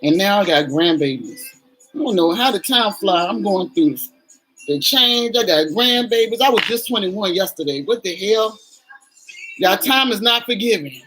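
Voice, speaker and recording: A woman's voice: medium pitch, lively intonation, normal speed, fairly bright tone, breathy edge, faint music behind, rough recording. A woman in her forties, a vlogger chatting candidly and emotionally to her viewers while doing her makeup.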